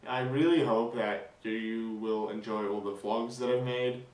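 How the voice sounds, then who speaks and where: A young man vlogging a casual weekend recap, rambling with fillers and restarts, excited. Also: medium pitch, unhurried, echoey room, distant mic, rough recording.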